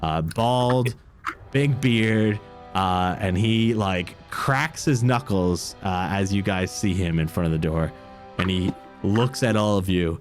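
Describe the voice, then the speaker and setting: A man narrating a tabletop game as game master, in a relaxed, rambling storytelling way. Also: lowish voice, unhurried, faint music behind.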